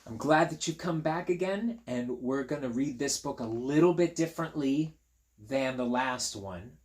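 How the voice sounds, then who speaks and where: Here a school teacher with a husky, darkish, mid-range voice reads a picture book to young listeners at a moderate pace. He keeps up a chatty running conversation with them, with playful asides and counting along.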